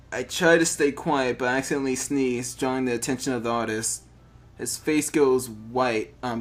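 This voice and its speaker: Man, mid-pitched, reading a text game aloud, stumbles over words, joking asides.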